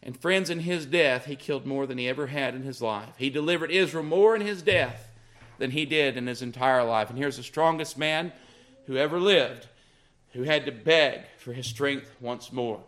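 A man's voice: mid-range voice, moderate pace, fairly bright tone. A man preaching a sermon, emphatic and repetitive, his voice swinging up and down. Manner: emphatic, rising and falling with repeated phrases.

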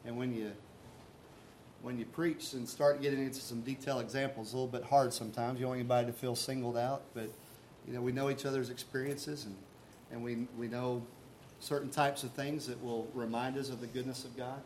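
A man's voice: medium pitch, little pitch movement, a little fast, darkish tone, slight background noise. A man preaching a sermon as pastor, talking earnestly and conversationally and asking his listeners rhetorical questions.

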